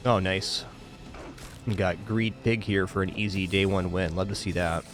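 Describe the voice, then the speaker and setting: A man streaming a game, giving casual commentary and weighing his choices out loud. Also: deep voice, level tone, normal speed, faint music behind. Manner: thinks aloud, weighing choices.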